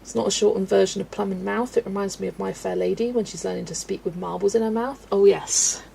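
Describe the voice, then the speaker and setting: A woman's voice: mid-range voice, steady tone, fast, gravelly, warm tone, a little hiss or hum, low-quality recording. Giggly woman chatting on a live stream. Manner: chatty and giggly, reading viewer comments aloud. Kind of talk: casual live-stream chat.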